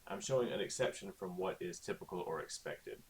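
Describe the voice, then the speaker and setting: Deep-voiced man teaching an online lesson. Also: brisk. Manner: casual, chatty, lots of okays and ums. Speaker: Spanish teacher.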